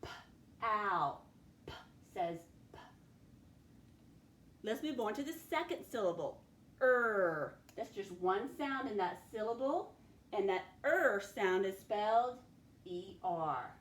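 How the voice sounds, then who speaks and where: Slow patient woman teaching phonics. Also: medium pitch, animated. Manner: slow, patient, sounds words out. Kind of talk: phonics spelling lesson for children. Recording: echoey room, faint background noise.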